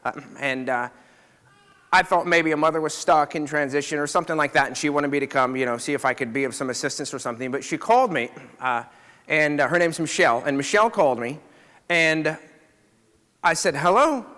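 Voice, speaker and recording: A man's voice: a little high, brisk, pushed and bright, long reverb tail. A middle-aged man, a chiropractor, telling a story to a live audience in a conversational way, often checking in with his listeners.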